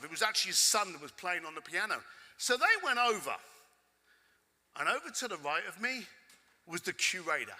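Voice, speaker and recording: A man with a London accent telling a cheeky, animated story to a conference audience, swearing casually. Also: high voice. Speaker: keynote speaker. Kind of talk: storytelling keynote. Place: conference hall stage with audience. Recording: echoey hall with long reverb.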